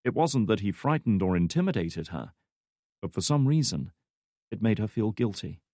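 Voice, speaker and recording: A man narrating a thriller audiobook in a steady, even reading. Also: lowish voice, moderate pace, dry recording, clean studio sound. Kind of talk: scripted narration.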